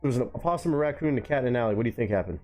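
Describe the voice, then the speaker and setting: A man's voice: medium pitch, lively intonation, very fast, darkish tone, faint music behind. A young man streaming live, reacting to clips and cracking crude, slangy jokes. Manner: crude, joking, slangy banter.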